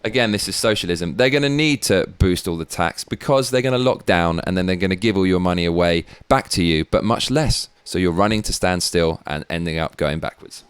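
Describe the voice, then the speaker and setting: Blunt, sweary British man with a low voice. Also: lively intonation, fairly quick, few pauses, clean tone, no room sound. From Britain. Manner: blunt and sweary, rambling asides. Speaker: show host. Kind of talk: opinionated political commentary.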